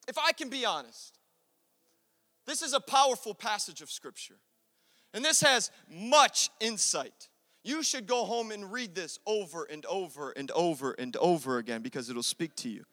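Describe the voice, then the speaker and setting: A young man preaching a sermon, telling a story about his father and acting out his dad's lines in a low gruff tone. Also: bright, forceful tone. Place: church. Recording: echoey church hall.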